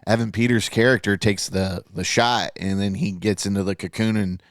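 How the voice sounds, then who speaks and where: A man's voice: lowish voice, steady tone, normal speed, no echo, clean studio sound. A man co-hosting a podcast, chatting casually and loosely about a TV show, with plenty of fillers and swearing. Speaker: podcast co-host. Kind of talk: casual chat reviewing a TV show.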